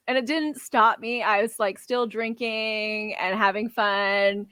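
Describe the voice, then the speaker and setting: A young woman co-hosting a podcast, telling a party story in a rambling way, full of "like" and quick laughs. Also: mid-range voice, fairly even intonation, pushed and bright, smooth, dry recording. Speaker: podcast co-host. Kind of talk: casual chat.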